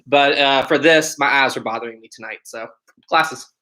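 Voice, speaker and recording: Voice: mid-range voice, moderate pace, pushed and bright. Friendly american streamer rattling off hellos to chat, medium voice, home mic. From United States. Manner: chatty, upbeat, greets viewers one by one. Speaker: livestream host. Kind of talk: live stream chat, reading viewer comments aloud.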